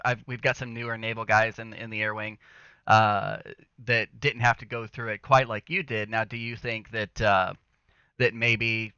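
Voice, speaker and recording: A male interview host with a bright, crisp voice heard through dull, lo-fi voice call audio. He gropes toward his questions with a string of uhs. The sound is dry and close. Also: medium pitch, no echo. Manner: hesitant, many uhs while forming questions. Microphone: online voice call.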